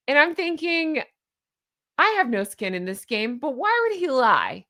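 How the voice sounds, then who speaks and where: A woman's voice: a little high, a little slow. Chatty, amused woman vlogger. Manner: chatty and amused, laughs often; animated, with rhetorical questions and asides. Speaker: YouTube commentary host. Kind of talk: casual commentary vlog.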